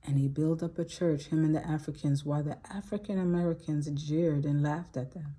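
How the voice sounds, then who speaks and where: Low, husky, emotional woman storyteller. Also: steady tone, a little fast, mellow. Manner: emphatic, repeats words for weight. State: emotional, near tears. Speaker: channel host. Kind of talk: reflective storytelling monologue.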